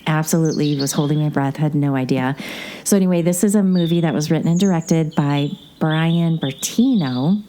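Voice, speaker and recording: A woman with a low, mellow voice chats casually as a podcast host. She rambles through a story with plenty of asides. Faint noise sits under her voice. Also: moderate pace. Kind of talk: casual movie recap chat.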